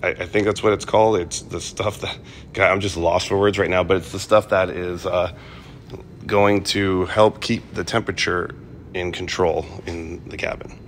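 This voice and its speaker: Low-voiced man rambling about his car project. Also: fairly even intonation, moderate pace, slight background noise. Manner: rambling, plain-spoken, lots of fillers and restarts. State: coughing, clearing his throat. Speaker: car restoration vlogger. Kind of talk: casual talk to camera.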